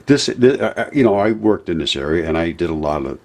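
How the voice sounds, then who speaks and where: Husky man giving a rambling science talk. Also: low voice, brisk. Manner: animated, acts out voices in explanations. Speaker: presenter. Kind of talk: informal science lecture.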